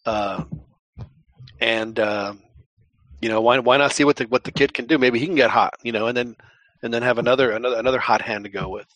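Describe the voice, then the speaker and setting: A man's voice: mid-range voice, fairly even intonation, brisk, a bit bright, no room sound. A man hosting a casual podcast chat, rambling with many restarts. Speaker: podcast host.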